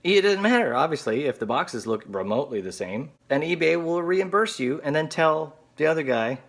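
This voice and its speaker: A man's voice: on the high side, animated, moderate pace, creaky. A man telling a story to camera as a video blogger, sarcastic and exasperated.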